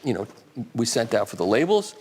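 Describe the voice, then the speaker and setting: List: older man, medium voice, animated, rambling storyteller, live talk. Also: medium pitch, a little fast, slight background noise. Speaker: invited speaker answering audience questions.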